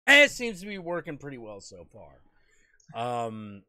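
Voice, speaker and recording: A man's voice: fairly high pitch, wildly swooping pitch, normal speed, sharp tone. A man hosting a live stream, chatting crudely and rambling through comedy sketch retellings. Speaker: livestream host. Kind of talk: casual crude chat.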